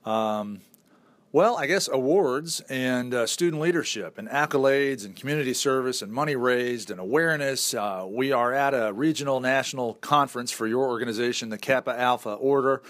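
A man's voice: mid-range voice, moderate pace, a bit bright. A man with a Northern accent hosts an interview show for radio. His voice sits in the middle range, and his manner is upbeat and joking.

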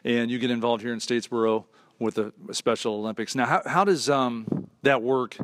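A man's voice: medium pitch, normal speed, no room sound. A man hosting a talk show, asking rambling questions and joking with his guests. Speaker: radio show host. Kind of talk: casual interview.

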